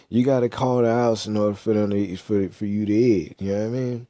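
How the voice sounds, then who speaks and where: A man's voice: lowish voice, brisk, hardly any pauses, mellow, no echo, studio quality. A young man in a casual monologue as a podcast host, blunt, slangy and profane. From United States.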